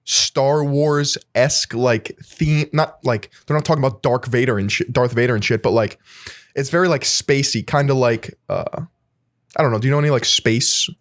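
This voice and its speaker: A man's voice: medium pitch, normal speed, a bit bright. A man co-hosting a podcast in a casual chat, laid-back and rambling, with lots of fillers and swearing. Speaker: podcast co-host.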